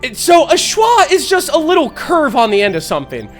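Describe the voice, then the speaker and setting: A man's voice: extremely high pitch, wildly swooping pitch, a little fast, faint music behind. A man from the Midwest telling a rambling, laugh-filled story on a live stream, swearing freely. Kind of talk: casual storytelling chat.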